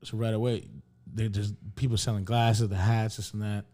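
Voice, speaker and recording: A man's voice: on the low side, level tone, moderate pace, dark tone. A man co-hosting a podcast, telling a rambling travel story in casual chat, swearing a lot and acting out what people said. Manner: rambling storyteller, heavy swearing, acts out dialogue.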